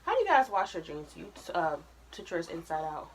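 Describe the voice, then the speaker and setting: A woman's voice: lowish voice, wildly swooping pitch, fairly quick, slight background noise. A woman chatting casually to her viewers while doing household chores at home. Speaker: vlogger. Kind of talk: casual vlog chat. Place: home laundry area.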